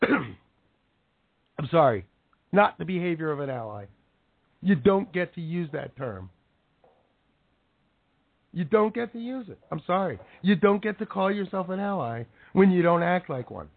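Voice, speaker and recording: A hoarse male show host delivering an angry, sarcastic talk-show rant as his voice gives out. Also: high voice, sing-song, moderate pace. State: hoarse, voice giving out. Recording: tinny phone-like sound.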